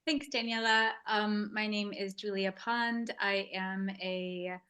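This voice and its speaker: A woman in her forties introducing herself as project coordinator on a video call, earnest and measured. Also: medium pitch, little pitch movement, sharp tone. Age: 40s. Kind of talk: online meeting introduction.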